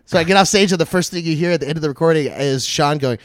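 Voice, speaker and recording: A man's voice: a little high, no echo. Rambling, crude man telling stories, dry sound. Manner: rambling, crude storytelling, quick bursts of laughter. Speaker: comedian podcast co-host. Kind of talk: casual chat.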